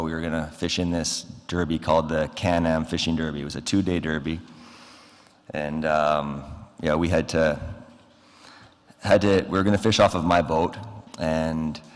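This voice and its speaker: A man with a very deep, low voice and a Canadian accent speaks at a memorial service. He tells his stories haltingly, with many fillers, and acts out the phone calls. His voice carries a long reverb from the large hall around the podium microphone. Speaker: eulogy speaker. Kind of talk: memorial speech, storytelling.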